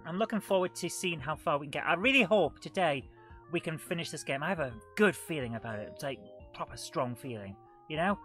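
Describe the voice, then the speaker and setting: Bright-voiced woman streaming a game. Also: low voice, expressive, fairly quick, faint music behind. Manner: chatty and self-mocking, greets chat viewers. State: coughing and out of breath. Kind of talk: live gameplay commentary.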